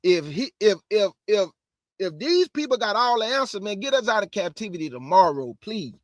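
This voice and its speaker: A man preaches to his online audience, quick and emphatic, circling back to repeat his points. His voice sits high for a man, and the sound is dry and close to the mic. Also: big pitch swings, dry recording. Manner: fast, conversational, emphatic, repeats phrases. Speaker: online Bible teacher. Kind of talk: livestream preaching. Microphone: close microphone.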